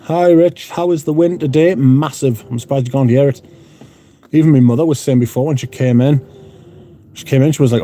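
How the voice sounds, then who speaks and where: Sweary man with a dark, mellow voice. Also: mid-range voice, brisk, slight background noise. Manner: sweary, blunt. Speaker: livestream host. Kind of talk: casual chat reading out viewer comments. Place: room at home.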